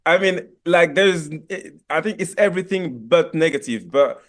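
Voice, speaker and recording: A man's voice: a little high, animated, normal speed, a bit bright. A young man from France with a French accent, a guest actor talking over a video call in a radio interview, thoughtful and full of fillers and restarts.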